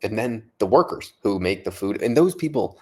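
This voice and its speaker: A man's voice: on the low side, expressive, moderate pace, breathy edge. A man vlogging late at night, a little tipsy from vodka, rambling, swearing and repeating himself in amazement. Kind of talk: casual late-night vlog monologue.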